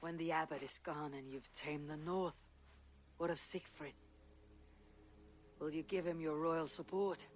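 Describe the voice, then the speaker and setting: A man's voice: fairly high pitch, fairly even intonation, a little slow, pauses often, a little hiss or hum, natural voice. An actor playing a blunt, loyal male Viking leader who speaks firmly in a video game. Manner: firm, blunt.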